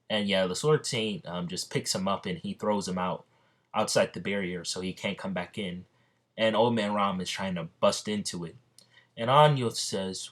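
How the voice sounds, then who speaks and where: A man with a low voice retells an imagined story in a casual, rambling way. He stops often for ums and restarts, and sounds a little out of breath. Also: fairly even intonation, moderate pace. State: slightly out of breath. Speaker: fan narrating an imagined crossover story.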